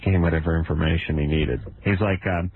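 A man in his thirties co-hosting a late-night radio call-in show, ranting sarcastically and jumping his pitch up for comic bits. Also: steady tone, fast, a little hiss or hum. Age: 30s. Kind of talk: casual comedic radio banter. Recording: narrow phone-like radio sound.

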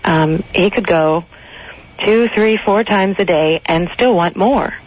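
A woman in her thirties calling a radio show, speaking in a measured, composed, matter-of-fact way. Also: on the low side, breathy edge. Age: 30s. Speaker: caller. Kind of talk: call-in radio. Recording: muffled lo-fi radio sound.

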